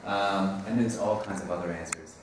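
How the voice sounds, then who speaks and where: A man with a low-pitched voice and fairly even intonation presents at a teaching conference at a moderate pace. He rambles casually, chuckles, and often corrects himself. Captured by a distant mic in a conference room, the audio is roomy with faint hiss.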